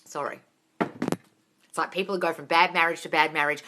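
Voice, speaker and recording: A woman's voice: deep voice, normal speed, long pauses. An Australian woman coaching viewers on a casual live stream, reading out their questions and answering bluntly, swearing freely and calling them darling. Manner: reads out viewer comments in a lively voice.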